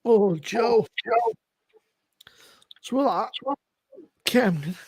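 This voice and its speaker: A woman co-hosting a live beer review stream, teasing her friends loudly with plenty of swearing. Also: medium pitch, lively intonation, extremely slow, breathy edge. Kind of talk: casual live-stream banter.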